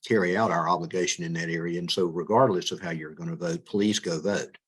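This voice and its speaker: Deep husky man, halting careful speech. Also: steady tone. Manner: measured, often stumbles and repeats words. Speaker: judicial candidate. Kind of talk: interview answers.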